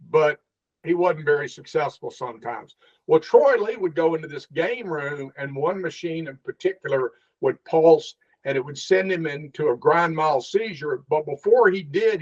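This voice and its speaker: A middle-aged man and former police officer telling stories in a casual interview, acting out the dialogue as he goes. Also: on the high side. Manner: animated storyteller, acts out the dialogue. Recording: dull lo-fi sound.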